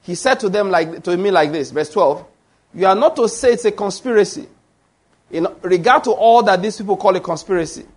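High-voiced preacher, emphatic. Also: male voice, animated, brisk. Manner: emphatic, with rhetorical questions to the congregation. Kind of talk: sermon.

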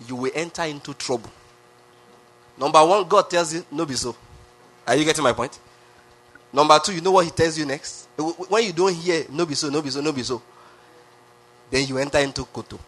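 A man's voice: fairly high pitch, brisk, pauses often, fairly bright tone. A man preaching a sermon, emphatic, with lots of repetition and rhetorical questions. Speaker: pastor.

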